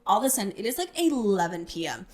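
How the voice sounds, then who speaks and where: A woman's voice: medium pitch, sing-song. Young woman, podcast host, casual storytelling chat. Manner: chatty, storytelling, quick to laugh. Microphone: podcast mic.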